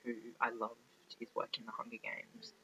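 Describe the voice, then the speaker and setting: A man's voice: medium pitch, wildly swooping pitch, normal speed, gravelly, pushed and bright. A man giving a casual, rambling film review, often losing his train of thought and filling gaps with ums. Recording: faint background noise, poor audio.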